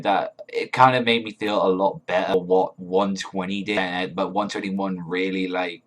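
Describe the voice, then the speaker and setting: Guy doing a rambly manga review, kinda low voice, swears a lot. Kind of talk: casual video review.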